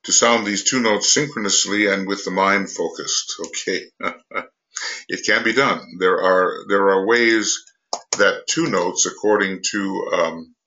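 An older man giving an unscripted spiritual lecture, halting with many pauses, fillers and restarts. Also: sits low, bright, forceful tone, lo-fi sound, slight background noise. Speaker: esoteric teacher.

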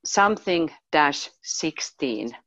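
Deep-voiced woman searching for words. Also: animated, slow, fairly bright tone, no echo. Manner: searching for words, many fillers. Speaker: discussion participant. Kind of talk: casual esoteric discussion. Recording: dry, muffled lo-fi sound.

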